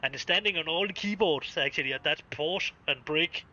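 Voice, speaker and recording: A Danish-accented man chatting on his live stream, his voice bright and edged, pitched a little above the usual. He swears freely and keeps breaking off to restart his sentences, all through a dull, lo-fi mic. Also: a little fast. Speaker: game streamer. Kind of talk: casual live-stream chat.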